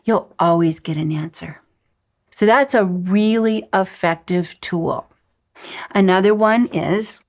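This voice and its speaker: A woman teaching a lesson on intuition, speaking in an unhurried coaching manner with drawn-out pauses and soft sighs. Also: lowish voice. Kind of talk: spoken lesson.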